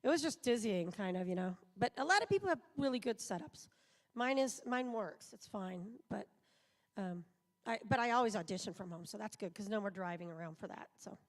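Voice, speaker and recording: A middle-aged woman from the United States talks on a live convention stage. She is a voice actor, and she rambles in a chatty, self-deprecating way, with plenty of asides. Her voice sits at an ordinary woman's pitch. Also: lively intonation, a little fast. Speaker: voice actor, panel guest. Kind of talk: live convention panel chat. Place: convention auditorium.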